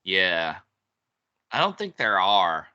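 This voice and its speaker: A man's voice: deep voice, huge pitch swings, takes it slowly, bright, forceful tone, clear, resonant tone, muffled recording. A man co-hosting a podcast, chatting casually with frequent laughs and hesitations. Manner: laughs often, hesitant with ums. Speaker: podcast co-host and author. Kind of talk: casual chat.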